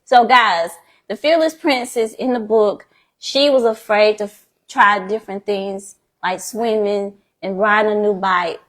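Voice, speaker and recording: A woman's voice: medium pitch, measured pace. Encouraging woman host. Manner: encouraging, preacher-like closing. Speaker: podcast host. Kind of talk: faith-based interview chat.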